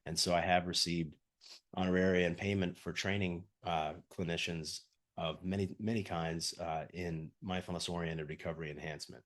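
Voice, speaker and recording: A man giving an academic lecture over a video call, hoarse and husky from a cold, earnest and often repeating words as he starts his sentences. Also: low voice, little pitch movement, moderate pace. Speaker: guest lecturer.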